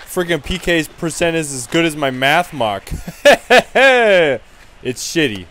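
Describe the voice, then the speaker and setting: Brief: man playing a rowdy, dim hockey goon who trash-talks, lively swooping voice, slow drawl. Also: a little high, slight background noise, full character voice. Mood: brash. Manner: rowdy trash talk, frequent laughs. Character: brash dim-witted young male hockey goon. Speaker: gaming video creator. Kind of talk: in-character gameplay commentary.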